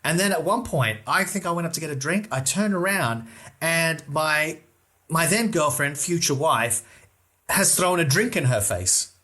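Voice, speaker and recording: A man co-hosting a comedy podcast, telling a story in a lively way and casually swearing. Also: fairly high pitch, normal speed. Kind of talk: casual chat, anecdote telling.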